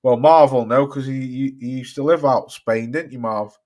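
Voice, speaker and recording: Cheshire/staffs accent bloke doing a boxing stream, reads chat, swears loads, rambles, mid-pitched voice. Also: male voice, moderate pace, darkish tone. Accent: mixed Cheshire and Staffordshire English. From Cheshire, England. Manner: rambling and sweary, addresses chatters by name. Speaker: boxing livestream host. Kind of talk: casual live-stream chat reading viewer comments.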